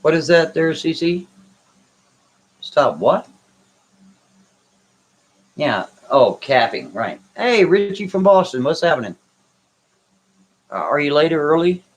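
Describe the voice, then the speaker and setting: A man's voice: a little high, big pitch swings, slow, pauses often, low-quality recording. A man hosting a live stream, answering viewers' comments in a blunt, brash, dismissive way. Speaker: livestream host reading chat. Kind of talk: casual live chat.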